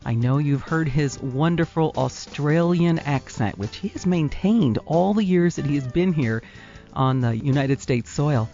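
A woman's voice: low-pitched, lively intonation, a little slow, warm tone, dull audio, faint music behind. A woman hosting an interview show, chatty and enthusiastic as she introduces her guest. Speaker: host.

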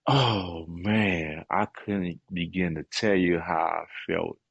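Man, middle-aged, very low voice, husky, earnest emotional testimony, hesitant. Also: fairly even intonation, slow, no echo, dull audio. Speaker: guest and author. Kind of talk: personal testimony in conversation.

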